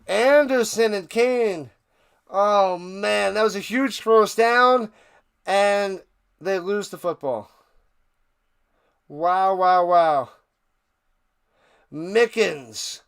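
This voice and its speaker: A man hosting a live stream, giving casual play-by-play commentary that bursts into excited shouted calls. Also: high voice, drawn-out words, creaky, long pauses, clear, resonant tone.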